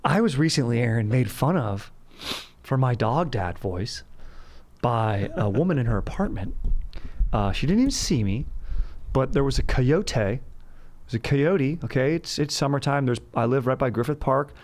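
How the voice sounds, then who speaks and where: A man hosting a casual comedy podcast, joking and reading ads in an animated, playful way. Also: medium pitch, normal speed. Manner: animated, jokey, swings into loud bits. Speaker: podcast host. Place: Los Angeles.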